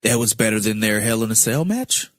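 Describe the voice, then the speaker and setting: Male co-host, low and animated, playful ribbing, dry close mic. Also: brisk, no echo. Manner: teasing, playful jabs. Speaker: podcast co-host. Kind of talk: casual podcast banter.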